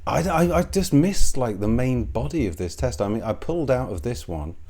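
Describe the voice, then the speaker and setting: A man's voice: medium pitch, big pitch swings, moderate pace, warm tone. A man rambling sarcastically in a monologue, swearing freely and chuckling between jabs. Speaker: commentary video host.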